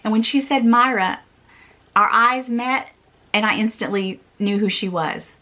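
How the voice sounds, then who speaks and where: A woman's voice: on the high side, a little slow, bright, forceful tone. A woman in her forties, a vlogger telling a personal story in an earnest, repetitive way with small laughs.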